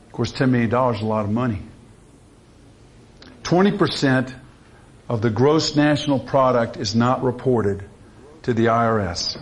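A man's voice: medium pitch, a little hiss or hum. Folksy Louisiana-accented man speaking. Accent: Southern US, Louisiana. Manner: folksy storyteller, drawling asides. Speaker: conference speaker. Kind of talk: folksy talk with a joke opener.

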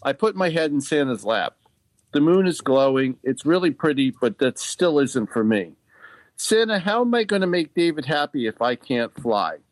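A man's voice: a little high, sing-song, moderate pace, dry recording. A man reading a Christmas story as a pet dog telling it in the first person, earnest and childlike. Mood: wistful. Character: gentle male pet dog narrating a Christmas tale. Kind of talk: storytelling narration.

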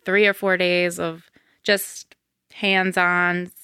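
A woman's voice: lowish voice, flat delivery, slow, sharp tone, clean tone, dry recording, studio quality. A woman, a wedding planner telling her story as a podcast guest, chatty and full of "um" and "like". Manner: chatty, many fillers like um and like. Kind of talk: casual interview.

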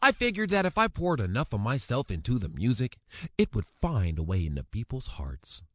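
A man's voice: mid-range voice, sing-song, moderate pace, no room sound. A man from Seattle, Washington, reading a scripted podcast narration in an articulate, pointed, mocking manner. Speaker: podcast host.

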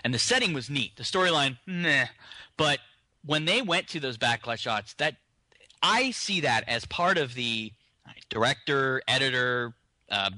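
A man's voice: mid-range voice, animated, unhurried, bright, forceful tone, no echo. A man co-hosting a podcast, complaining wryly and laughing about a film in casual chat. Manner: wry, laughs often while complaining. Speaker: podcast co-host. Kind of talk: casual movie review chat.

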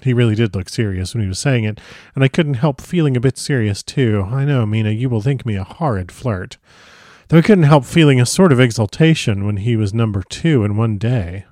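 Male audiobook reader, gentle and expressive, mid-pitched, dry close sound. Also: a little fast, no room sound. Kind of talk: reading a classic novel aloud.

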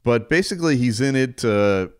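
A man's voice: mid-range voice, lively intonation, normal speed, clean tone, dry recording, studio quality. A man co-hosting a podcast, chatting casually in a rambling, loose way with many fillers. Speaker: podcast co-host. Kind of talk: casual chat.

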